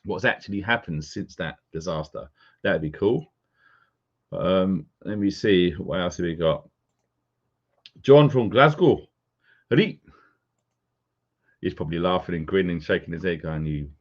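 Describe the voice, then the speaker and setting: A man's voice: low-pitched, animated, normal speed. A man hosting a live stream, casually greeting viewers by name as they join. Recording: dull lo-fi sound.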